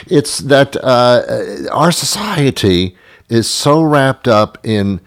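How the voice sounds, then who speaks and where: A man co-hosting a casual chat, sarcastic and quick to rant or doubt. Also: medium pitch, lively intonation. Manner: sarcastic, incredulous, ranting. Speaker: podcast co-host.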